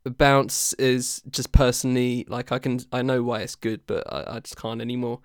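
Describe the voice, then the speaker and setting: Smooth-voiced rambling male podcast host. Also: medium pitch, flat delivery, moderate pace, no echo, clean studio sound. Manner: rambling, hesitant, laughs often. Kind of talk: casual chat.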